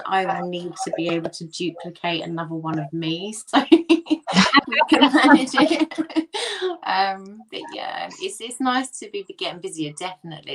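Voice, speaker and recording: A woman's voice: on the low side, vocal fry. A woman with a North London accent, chatting casually as an interview guest about her ghost hunting business, with frequent laughs and ums. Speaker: ghost hunt company owner, guest.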